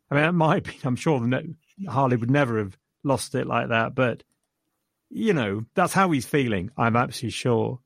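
A man's voice: mid-range voice, no room sound, studio quality. A man chatting about a film, retelling scenes with enthusiasm and chuckles. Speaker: film reviewer. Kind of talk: casual film discussion.

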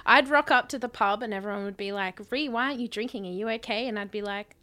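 A woman's voice: mid-range voice, fast talker, bright, forceful tone. A woman co-hosting a podcast, joking cheekily and laughing in casual chat. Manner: cheeky, laughing, crude jokes. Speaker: podcast co-host.

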